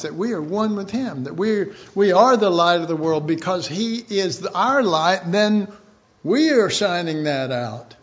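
A man preaching in a folksy, rambling sermon. His voice sits high for a man and he talks slowly and unhurriedly. The recording sounds dull and lo-fi. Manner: rambling, folksy, chuckles often. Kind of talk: informal sermon.

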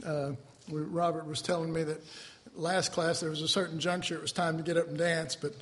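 A man preaching a sermon to his class, animated, swinging between loud outbursts and quiet asides. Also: on the high side, brisk, big-room sound, a little hiss or hum. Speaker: preacher teaching a Bible class.

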